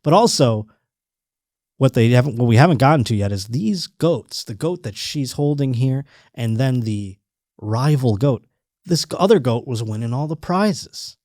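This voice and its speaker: A man's voice: mid-range voice, expressive, normal speed, darkish tone, dry recording, studio quality. A man hosting a podcast in casual chat, profane, joking and rambling. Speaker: podcast host.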